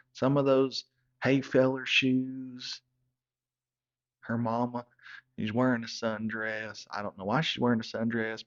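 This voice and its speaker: A man telling a comic story in a folksy, deadpan manner. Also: mid-range voice. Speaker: comedic storyteller. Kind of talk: comedic character monologue. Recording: slightly dull lo-fi sound.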